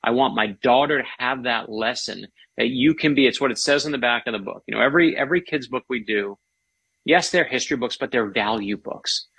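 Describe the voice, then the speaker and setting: A man's voice: mid-range voice, a little fast, vocal fry, fairly bright tone, husky, dry recording. A middle-aged man, an author being interviewed, talking with eager enthusiasm and jumping in over the host. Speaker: author guest. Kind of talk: casual interview chat.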